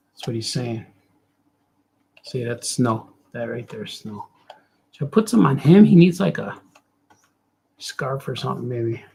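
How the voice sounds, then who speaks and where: A male cartoonist drawing on a show chats casually, thinking aloud, rambling, and cracking jokes as he works. His voice is medium-pitched, creaky, husky, and somewhat dark in tone.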